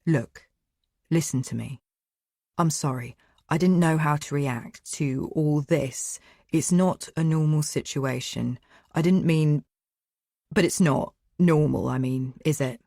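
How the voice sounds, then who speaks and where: A woman's voice: low-pitched, normal speed, dry recording, clean studio sound, lightly acted. A woman narrator voicing an angry young male neighbour, blunt and swearing. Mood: coaxing, calmer. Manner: shouting, sweary, then coaxing.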